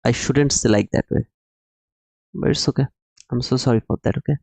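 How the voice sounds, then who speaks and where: A man's voice: medium pitch, fairly quick, creaky, a little mellow, slightly rough, no room sound, poor audio. A man hosting a live trading stream who explains the market emphatically, repeats his points and calls his viewers brother while answering the chat. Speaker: livestream trading host.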